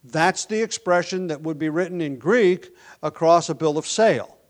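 Speaking a little high and at a moderate pace, a male pastor delivers a sermon that swings between hushed softness and loud emphasis. He occasionally repeats or restarts words as he explains.

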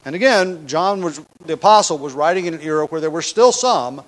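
A man preaching a verse-by-verse sermon, emphatic and slowing down on key words, often asking the congregation rhetorical questions. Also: a little high, expressive, poor audio. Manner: emphatic, slows down for stress. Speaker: pastor. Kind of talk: expository sermon.

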